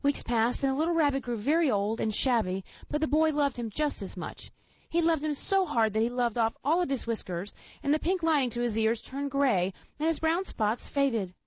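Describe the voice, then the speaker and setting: A woman reading a children's storybook aloud in a gentle, expressive way. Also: high voice, moderate pace, no echo, highs cut off.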